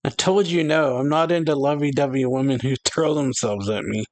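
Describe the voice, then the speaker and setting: A man's voice: medium pitch, normal speed, a little mellow, no room sound, lightly acted. A man reading out the lines of a brash, laid-back male pirate captain in a cocky, teasing way.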